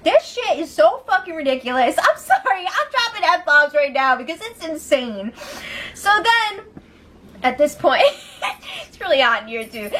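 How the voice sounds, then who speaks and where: A woman recapping a reality show in casual chat, animated, laughing often and acting out what people said. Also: sits high. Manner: animated, laughing, acts out quotes, swears. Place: room at home.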